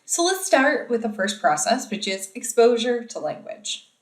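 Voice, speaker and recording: A woman's voice: fairly high pitch, big pitch swings, normal speed, reverberant, distant mic, poor audio. A woman giving a recorded lecture in a casual, explanatory way with frequent ums and uhs.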